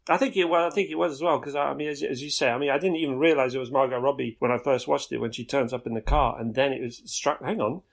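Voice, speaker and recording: A man's voice: mid-range voice, fairly even intonation, fast talker, gravelly, hardly any pauses. A man who works as a film director, talking casually as a podcast guest and rambling through his thoughts with many restarts.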